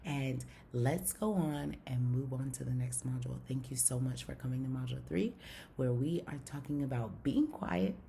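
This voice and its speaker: A woman's voice: very deep voice, gravelly, warm tone, slight background noise. A woman teaching a recorded video lesson, who often repeats herself, keeps checking in with "right?" and sometimes refers to herself in the third person. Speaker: online course teacher.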